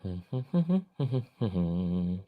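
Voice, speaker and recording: A man's voice: low-pitched, big pitch swings, drawn-out words, phone-quality sound. A man hosting a stock market livestream, chatting casually, joking and swearing as he reacts to his viewers. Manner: joking, profane, reacting to chat.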